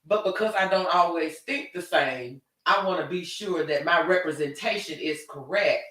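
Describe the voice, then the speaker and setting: A woman hosting a live talk show in casual chat. She is animated and expressive, swinging between loud and soft. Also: fairly low pitch, moderate pace. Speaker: host. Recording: echoey room, distant mic.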